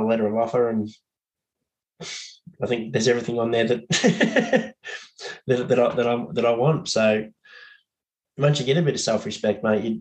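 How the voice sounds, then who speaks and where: A laid-back Australian man chats as a podcast guest. He laughs easily and swears casually, with a mid-pitched voice. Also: a little mellow, poor audio.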